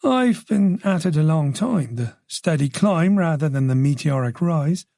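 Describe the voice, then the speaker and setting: A man's voice: a little high, lively intonation, a little slow, vocal fry, mellow, dry recording, studio quality, voice pushed up. A man voicing a reserved, polite middle-aged police chief inspector in a story. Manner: polite, modest, guarded.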